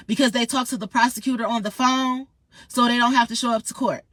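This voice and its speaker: A woman's voice: fairly high pitch, fairly even intonation, quick pace, a bit bright, dry recording. A woman ranting in a heated, profane, confrontational monologue straight to her viewers. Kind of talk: angry monologue vlog.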